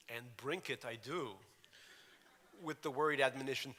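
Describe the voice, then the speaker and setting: In a lecture hall, a Russian-born author in his forties reads aloud from his memoir with wry, dry humor. His medium-pitched voice is expressive, brisk and sharp, and the room's reverb is clear on the recording.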